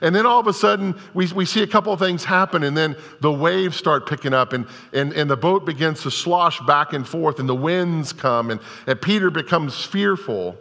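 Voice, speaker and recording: A man's voice: a little high, moderate pace, gravelly, hardly any pauses, bright, forceful tone. A male pastor preaching a sermon to a congregation, telling scripture stories in a conversational, storytelling way. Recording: long reverb of a large hall.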